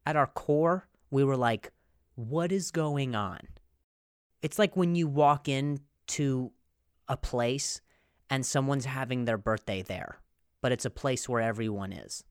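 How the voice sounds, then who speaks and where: A man's voice: medium pitch, a little slow, smooth, dry recording, studio quality. A man hosting a podcast in a rambling, jokey monologue, stumbling over words and laughing at his own jokes. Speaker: podcast host. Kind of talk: casual comedic monologue.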